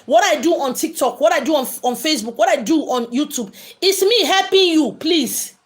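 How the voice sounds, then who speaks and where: A woman's voice: sits high, animated, normal speed. A woman hosting a spiritual livestream and answering viewer questions, talking emphatically and repeating phrases to drive her points home. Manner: emphatic, preachy, repeats lines for stress. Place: indoors, live streaming.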